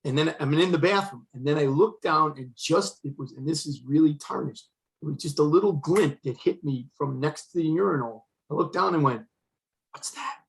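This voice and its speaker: A man's voice: on the high side, fairly quick, creaky, low-quality recording. An older man, a retired fire chief, telling a personal story as an interview guest, earnest and acting out the dialogue he quotes. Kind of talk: emotional storytelling in conversation.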